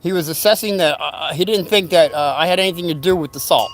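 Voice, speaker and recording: A man's voice: on the high side, fast talker. An older man casually telling a rambling story from his youth, acting out what people said. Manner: rambling, animated retelling with acted-out quotes.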